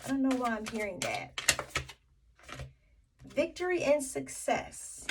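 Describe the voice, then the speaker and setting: Slow, halting woman tarot reader. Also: a little high, animated, distant mic, rough recording. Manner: thinking aloud with many fillers and restarts. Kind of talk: tarot reading to viewers.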